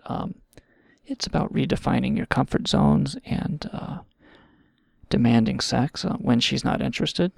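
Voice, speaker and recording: A man with a heavily gravelly, fry-laden voice rants and riffs sarcastically, swearing freely as he rambles. The sound is close and dry, with no room behind him. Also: mid-range voice, a little mellow, no room sound. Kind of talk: casual comedic rant.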